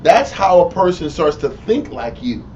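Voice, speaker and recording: A man with a Texas accent, teaching the Bible informally in an animated, profane way and mimicking people. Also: on the high side, moderate pace. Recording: lo-fi room recording from a distance with faint noise.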